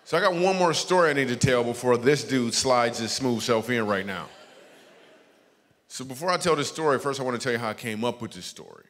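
A man giving a guest sermon as a comedian, telling stories in an animated, jokey way that turns hushed and earnest. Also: mid-range voice, fairly quick. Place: large church auditorium. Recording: long reverb from a big hall.

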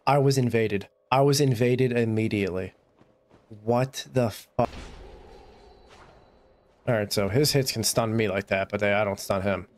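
A young man giving gameplay commentary, swearing and bursting into frustrated shouts. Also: fairly low pitch, a little slow, long pauses, a little hiss or hum. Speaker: gaming YouTuber.

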